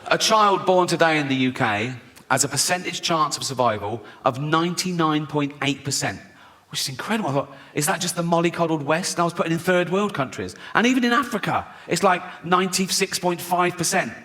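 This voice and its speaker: Sardonic stand-up comedian. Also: male voice, fairly high pitch, expressive, brisk, bright, forceful tone. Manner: sardonic, provocative, self-mocking.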